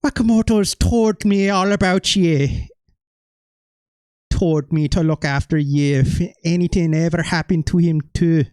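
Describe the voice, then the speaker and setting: A man's voice: fairly high pitch, measured pace, darkish tone, no echo, clean studio sound, voice pushed up, lightly acted. A man voicing a veteran male wrestler in a put-on Irish accent that slides into Scottish, reading game dialogue with exaggeration. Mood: gruff. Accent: put-on Irish drifting into Scottish. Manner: exaggerated, self-mocking read of game dialogue.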